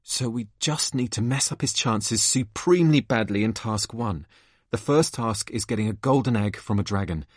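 A man's voice: on the low side, normal speed, no room sound, studio quality, close to an everyday voice. A man voicing a nervous, overeager teenage boy wizard in an amateur play-script reading, fussy and hesitant.

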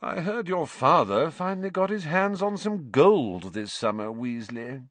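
A man's voice: fairly high pitch, sing-song, a little slow, a bit bright, no room sound, voice pushed up. A man doing a sneering schoolboy's lazy drawl. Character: sneering arrogant schoolboy bully.

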